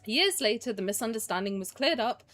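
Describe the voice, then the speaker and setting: A woman's voice: on the high side, lively intonation, a little fast, a bit bright, faint music behind. A young woman streamer chatting casually while playing, sarcastic and swearing freely. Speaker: game streamer. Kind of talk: casual gameplay commentary.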